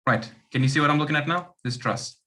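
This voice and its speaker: A man demonstrating an engineering lab to students over a video call. He explains step by step. He pauses often to ask whether everyone is following. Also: fairly high pitch, bright, forceful tone. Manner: checks understanding with frequent "okay" and "right". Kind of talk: online engineering lab class.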